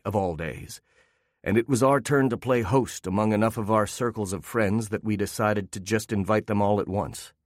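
A man narrating a first-person story in a calm, wry way. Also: fairly low pitch, dry recording, clean studio sound.

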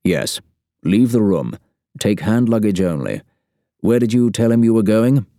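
A man's voice: on the low side, dry recording, studio quality, pitched above the performer's own voice. A man playing a terse, cold spy chief. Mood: curt. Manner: terse, measured, flat.

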